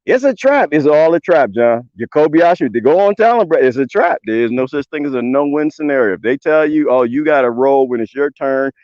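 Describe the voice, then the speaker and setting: A man, ranting loudly in a casual livestream with folksy swearing. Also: a little high, fairly quick, few pauses, dry recording. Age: 20s. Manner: loud, animated, swearing, folksy drawl. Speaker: livestream host. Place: outdoors on a homestead. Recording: dull lo-fi dry sound.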